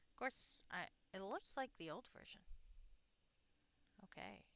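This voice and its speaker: A woman's voice: mid-range voice, lively intonation, measured pace, gravelly, a bit bright. A woman streaming a game live, chatting casually in a rambling way and swearing now and then. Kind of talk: casual live gameplay commentary.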